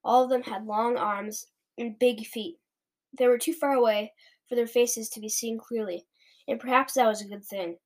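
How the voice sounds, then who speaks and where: A woman narrating a children's book aloud with expressive storytelling. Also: on the high side, moderate pace.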